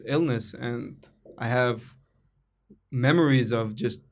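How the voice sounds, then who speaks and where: A man's voice: mid-range voice, slow pace, vocal fry. A young Egyptian man hosting a podcast, talking in an emotional, rambling way with restarts. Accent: Egyptian Arabic. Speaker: podcast host and comedian. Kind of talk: casual podcast conversation.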